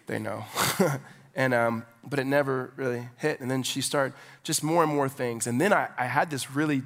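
A man's voice: medium pitch, normal speed, fairly bright tone. A man in his thirties preaching a sermon as a pastor, telling personal stories in a loose, conversational way with many fillers. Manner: conversational storyteller, filler-heavy, with rising preaching fervor. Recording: long reverb of a large hall.

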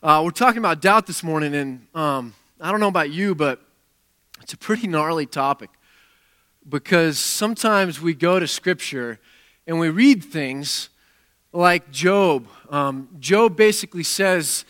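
Male pastor, fairly high bright voice, relaxed conversational sermon, lots of restarts. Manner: conversational, halting with many restarts and fillers.

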